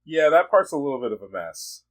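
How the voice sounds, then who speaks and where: A podcast co-host reviewing a movie in casual chat, laid-back and quick to laugh. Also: mid-range voice, sing-song.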